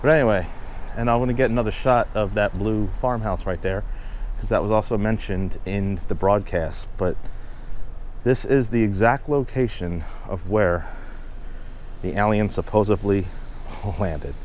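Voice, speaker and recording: A man's voice: on the low side, a little slow, darkish tone, slight background noise. A man casually telling history on location outdoors, rambling and chatty with lots of fillers and asides. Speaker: history vlogger and tour host.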